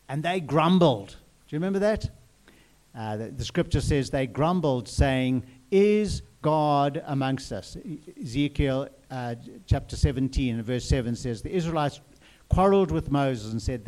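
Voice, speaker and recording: A man preaching in an earnest, personal way. His voice is warm and mellow, at a middle pitch for a man. He often repeats his phrases and turns to the listeners with questions. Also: moderate pace. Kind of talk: sermon.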